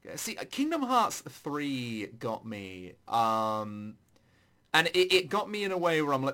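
Guy gushing about games, bright lively voice, swears a lot, squeaks up high when he gets excited. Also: unhurried. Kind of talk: casual chat about video games.

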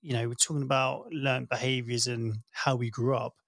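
A man's voice: mid-range voice, normal speed, no echo, studio quality. A middle-aged man, a podcast host telling candid stories in casual chat. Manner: candid, animated storyteller.

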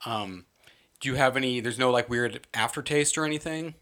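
A man's voice: medium pitch, moderate pace, pushed and bright. A man hosting a podcast in casual chat, playfully asking teasing questions. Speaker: podcast host.

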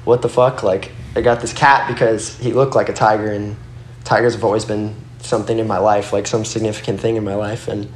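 A man's voice: fairly low pitch, level tone, fairly quick, a little hiss or hum. A young man and guest skateboarder telling loose, rambling stories in casual chat, swearing and saying "like" a lot. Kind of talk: casual storytelling. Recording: roomy echo.

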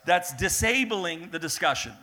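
A male pastor with a bright, forceful, somewhat high voice, preaching with a lilt. He acts out the people in his Bible story and moves between shouting and hushed asides. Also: moderate pace. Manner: animated, acts out voices of biblical figures, swings between loud and hushed. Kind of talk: sermon.

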